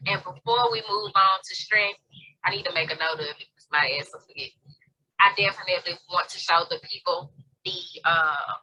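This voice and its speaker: A woman's voice: medium pitch, sharp tone, low-quality recording. A woman co-hosting a tarot review, chatting casually at home, laughing often and swearing offhand. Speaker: tarot reader co-host. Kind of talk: casual chat. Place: home near an airport.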